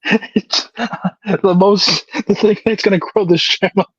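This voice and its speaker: A man's voice: sits high, steady tone, unhurried, fairly bright tone, husky, dry recording, highs cut off. A man co-hosting a casual podcast, joking around and slipping in and out of impression voices. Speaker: podcast co-host. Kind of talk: casual chat with wrestler impressions.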